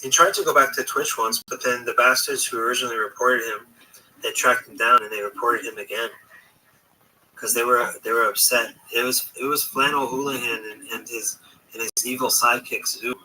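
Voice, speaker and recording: A man hosts a livestream chat, winding through a story with frequent restarts and fillers. His voice is very bright. He sits some way from a distant mic with faint noise behind. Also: medium pitch, fairly even intonation, a little fast. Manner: rambling, hesitant, many restarts. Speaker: livestream host.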